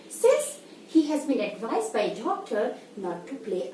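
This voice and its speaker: A woman's voice: a little high, huge pitch swings, measured pace, a little mellow. A woman teacher with an Indian English accent, explaining grammar in a lesson and often asking "fine?" to check understanding. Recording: echoey room, voice from the mic's distance, faint hiss.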